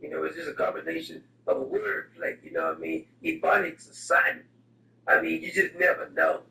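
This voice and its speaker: A man's voice: fairly high pitch, wildly swooping pitch, brisk, gravelly, pushed and bright, a little hiss or hum. A man delivering a comedic, rambling rant in a digressive, mock-serious way. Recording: roomy echo, distant mic, music behind.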